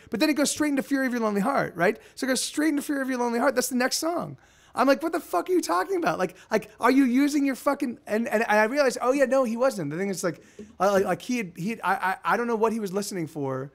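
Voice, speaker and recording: A man hosting a casual live stream, telling rambling, profane stories with lots of restarts. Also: high-pitched.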